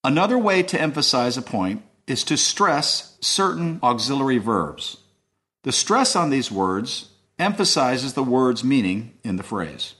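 Lively-voiced man narrating a lesson. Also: mid-range voice. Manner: measured, explanatory. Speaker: host.

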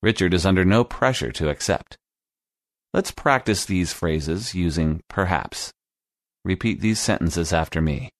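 A man narrating a scripted English lesson podcast in a slow, clear teaching manner. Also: sits low, lively intonation, no room sound.

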